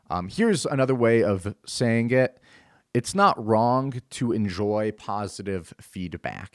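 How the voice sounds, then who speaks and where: A man's voice: lowish voice, no echo. Earnest young man explaining, dry close sound. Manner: earnest, explanatory, with frequent fillers and restarts. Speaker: show host. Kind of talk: solo religious talk.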